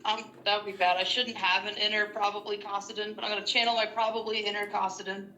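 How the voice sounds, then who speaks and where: A woman's voice: medium pitch, little pitch movement, fast talker, pushed and bright, a little hiss or hum. A woman chatting casually as a player in a tabletop game, hesitant and chatty. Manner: chatty and hesitant, many fillers and restarts. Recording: echoey room recording.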